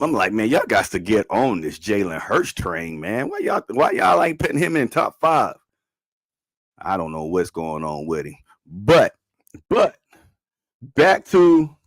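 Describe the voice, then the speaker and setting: A man hosting a podcast in casual sports talk, animated, slangy and repeating himself. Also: on the low side, no echo, clean studio sound. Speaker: podcast host.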